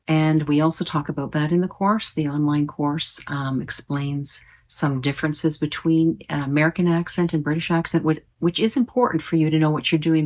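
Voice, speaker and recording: Low-voiced woman teaching pronunciation. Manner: clear, deliberate demonstrating of words. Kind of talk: online pronunciation lesson.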